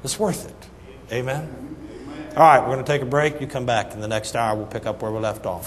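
Folksy storytelling preacher in a reverberant hall. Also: male voice, medium pitch, a little fast, a little hiss or hum. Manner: folksy, animated storyteller shifting between loud punchlines and soft asides. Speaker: pastor. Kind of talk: sermon with humorous storytelling. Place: church sanctuary. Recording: reverberant church hall, faint ambience.

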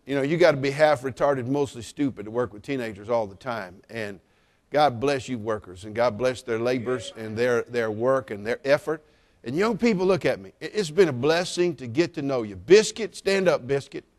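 A middle-aged man preaching at a church service, teasing the congregation with jokes and rising to loud exclamations. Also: mid-range voice, expressive, moderate pace. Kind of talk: sermon with humorous asides.

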